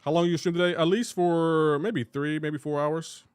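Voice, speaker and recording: A man's voice: on the high side, steady tone, moderate pace, clean tone, dry recording, clean studio sound. A man from Delaware streaming a game, chatting casually, rambling and restarting his sentences as he answers chat. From Delaware, USA.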